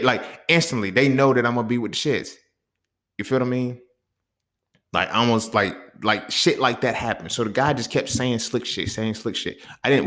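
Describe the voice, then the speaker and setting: A man's voice: medium pitch, fairly bright tone. A young man hosting a podcast, talking blunt and fired up in a profane, casual monologue. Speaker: podcast host.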